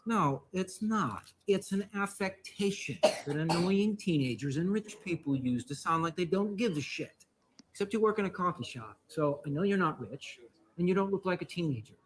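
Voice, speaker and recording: A man's voice: high-pitched, expressive, moderate pace. An actor playing an irritated male coffee-shop customer who lectures in a sarcastic, mocking tone. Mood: exasperated mocking.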